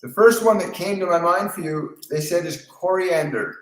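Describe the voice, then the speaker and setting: A man hosting a live spiritual Q&A, talking in a calm, repetitive coaching tone. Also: high voice, moderate pace, reverberant, low-quality recording. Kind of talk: live-stream talk answering viewer questions.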